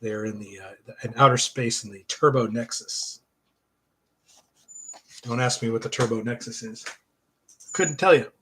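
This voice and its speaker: Husky-voiced man rambling about comics. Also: medium pitch, steady tone, normal speed, long pauses, a bit bright. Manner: rambling and joking, with frequent fillers, laughing at himself. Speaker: comic reviewer and host. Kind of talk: casual comic review chat.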